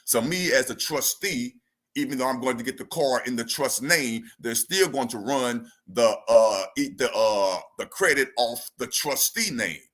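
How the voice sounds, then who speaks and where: Bright-voiced man teaching on a livestream. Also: medium pitch, a little slow. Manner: animated, slangy, repeats key points. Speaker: financial educator hosting a livestream.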